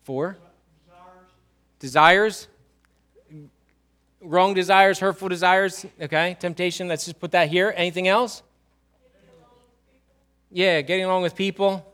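A man preaching a sermon in a church, swinging between loud emphasis and quiet low lines and drawing answers from the congregation. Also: steady tone, a little slow, pauses often. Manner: asks the congregation questions and writes on a whiteboard. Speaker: pastor.

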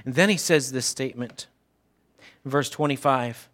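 A male pastor preaching a sermon in a church, dramatic, swinging from hushed talk to shouting. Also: medium pitch, measured pace.

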